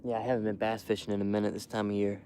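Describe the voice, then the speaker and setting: A young man quietly rambling to his live stream while hunting outdoors in the cold wind, full of fillers and restarts. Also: on the low side, little pitch movement, very fast. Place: outdoors in a windy field edge.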